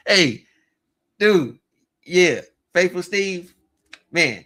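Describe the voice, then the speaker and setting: A man hosting a casual livestream, talking in a rambling, halting way and greeting chat viewers by name with chuckles. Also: lowish voice, fairly bright tone. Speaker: livestream host.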